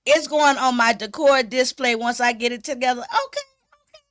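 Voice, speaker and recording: A woman hosting a casual livestream, chatting with viewers in a giggly, animated way. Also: sits high, normal speed. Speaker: livestream host. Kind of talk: casual live-stream chat.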